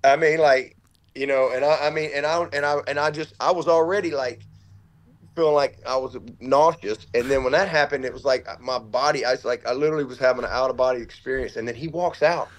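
A man's voice: mid-range voice, steady tone, fairly quick. A middle-aged man, a football coach telling his story as a guest, earnest and tumbling, acting out what others said to him. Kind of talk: storytelling in an interview.

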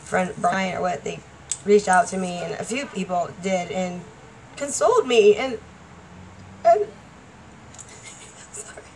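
A woman's voice: lowish voice, normal speed, darkish tone, slight background noise, poor audio. A woman vlogger talking casually to the camera, rambling and laughing often. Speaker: vlogger and stage performer.

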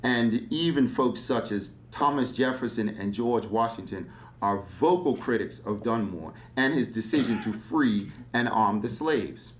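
A man giving a public history lecture, animated and fond of rhetorical questions. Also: fairly low pitch, a little slow, slight background noise.

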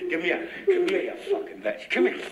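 A sadistic gloating gangster. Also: male voice, very high voice, gravelly, roomy sound, dull audio, very noisy, exaggerated voice. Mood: taunting. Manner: mocking, taunting, laughing cruelly. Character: sadistic gloating British gangster, middle-aged man.

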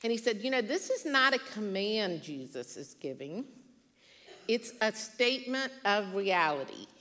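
A woman in her sixties giving an earnest devotional talk, telling a personal story with animated quoted voices. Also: medium pitch, unhurried. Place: church hall. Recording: church hall with long reverb.

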